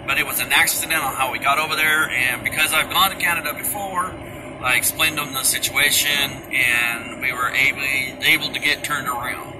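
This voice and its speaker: A folksy man from Kentucky, USA, drives on a family trip and casually explains things to the camera, hesitating and restarting often. His medium-pitched voice is brisk with fairly even intonation, recorded in the car and outdoors under strong road and outdoor noise.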